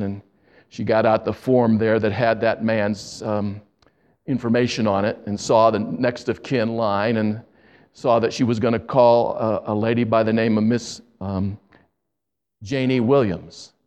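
A man preaching, telling a story earnestly and slowing down for emphasis. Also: lowish voice, fairly even intonation, a little mellow. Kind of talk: sermon storytelling.

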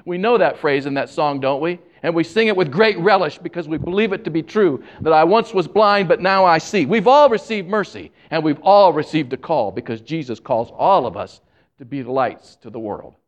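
Male pastor, slightly higher voice, lively preaching delivery with asides to the congregation. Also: muffled recording. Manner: animated, jokes with the congregation; admits he talks fast when excited. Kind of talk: sermon.

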